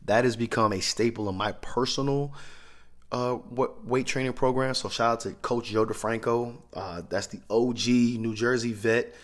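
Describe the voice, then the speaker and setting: A man's voice: mid-range voice, fairly even intonation, normal speed. A man talking as a strength coach, explaining training methods in a loose, conversational way. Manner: conversational, loose, with restarts and asides. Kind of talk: casual instructional talk.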